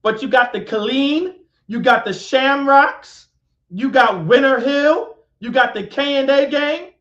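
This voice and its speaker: Here a class instructor with a very high, fairly bright voice teaches at a measured pace over a live stream. Repetition runs through his lecture, and he quizzes the audience and calls on people. Expect an echoey, dull, lo-fi recording.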